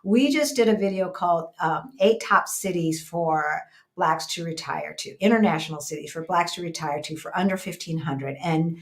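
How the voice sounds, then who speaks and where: A middle-aged woman from the United States co-hosting a casual chat, telling stories in an animated, conversational way. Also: fairly low pitch, moderate pace. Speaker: co-host.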